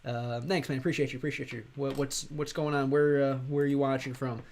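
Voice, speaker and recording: An American man from Chicago chatting casually on a livestream, rambling and halting, with many fillers and restarts. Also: mid-range voice, little pitch movement, gravelly, darkish tone. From Chicago, USA. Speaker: streamer and language learner.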